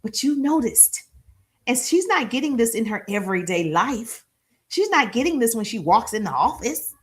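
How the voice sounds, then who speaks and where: A middle-aged woman, a sales and marketing business coach, giving an energetic live-streamed coaching talk that often acts out little dialogues. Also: moderate pace. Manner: energetic, repetitive, acts out little dialogues with high-pitched voices.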